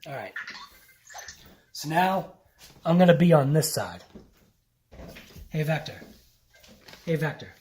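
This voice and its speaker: A man's voice: on the high side, expressive, slow pace, long pauses, darkish tone, a little hiss or hum. Man coaxing a toy robot like a pet. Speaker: hobby robot vlogger. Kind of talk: casual vlog, talking to a toy robot. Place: indoors at a home countertop.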